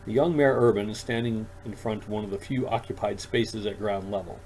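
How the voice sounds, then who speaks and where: A man, an author, reading his own science fiction story aloud in a calm, even storytelling manner. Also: fairly low pitch, a little fast, a little hiss or hum, rough recording. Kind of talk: audiobook narration.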